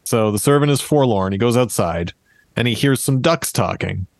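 A man's voice: medium pitch, animated, normal speed, gravelly, no echo. A man in his thirties casually retelling a fairy tale on a podcast, with jokey asides and laughs. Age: 30s. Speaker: podcast host. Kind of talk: casual storytelling chat.

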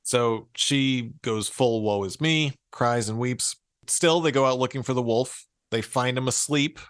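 A man in a casual podcast chat, retelling an old fairy tale with frequent amused laughs. His voice sits at an ordinary middle pitch, and the recording is dry and close, with no room sound. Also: a little slow, a bit bright, smooth, dry recording. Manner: amused, laughs often while reading. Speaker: podcast co-host.

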